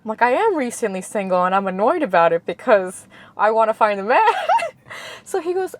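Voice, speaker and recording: A woman's voice: a little high, normal speed, dry recording. A young woman from Queens, a guest telling stories in a casual interview with lots of laughter. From Queens, New York. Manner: laughs often, animated storyteller.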